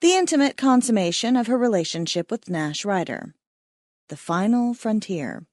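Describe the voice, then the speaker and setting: Expressive woman audiobook narrator. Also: mid-range voice, moderate pace, no echo, studio quality. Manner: playful and expressive.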